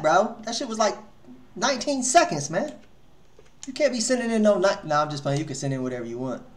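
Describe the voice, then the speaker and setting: In an echoey room, a man with a high, very animated voice hosts a live music review stream, talking fairly quickly in loose slang and swearing freely as he chats.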